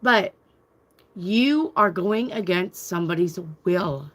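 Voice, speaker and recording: A woman's voice: medium pitch, lively intonation, measured pace, fairly bright tone. A middle-aged woman hosting a casual talk show, speaking emphatically, repeating phrases and lecturing her viewers with firm conviction. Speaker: tarot reader and podcast host.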